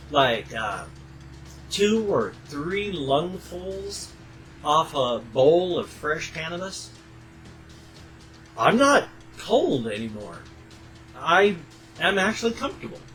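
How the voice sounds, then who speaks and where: An older man chatting casually to his webcam at home, rambling and tangential, with sudden loud bursts. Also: medium pitch, poor audio. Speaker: vlogger.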